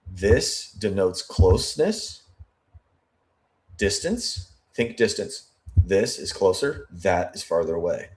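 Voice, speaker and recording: A man's voice: sits low, very animated, slow, pauses often, a little mellow. A man giving analytical commentary on interview footage, thinking aloud, correcting himself and repeating key words.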